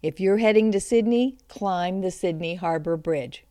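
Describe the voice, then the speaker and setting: A woman's voice: fairly low pitch, moderate pace, warm tone. A woman hosting a travel podcast, telling a first-person story in scripted narration.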